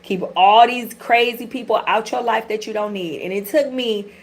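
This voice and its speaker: A woman's voice: on the high side, moderate pace. A middle-aged woman hosting a tarot channel, chatting candidly and casually with her viewers, with frank swearing and everyday slang. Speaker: tarot reader and channel host. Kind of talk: casual livestream chat.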